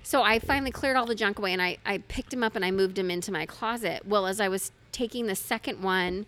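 A woman in her thirties co-hosting a casual podcast, telling stories in a chatty, animated way. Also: medium pitch, quick pace. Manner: chatty, animated storytelling with laughs. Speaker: podcast co-host.

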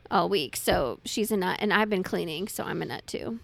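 A woman in her thirties co-hosting a casual podcast, telling stories in a chatty, animated way. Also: on the low side, moderate pace, vocal fry. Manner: chatty, animated storytelling with laughs. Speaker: podcast co-host.

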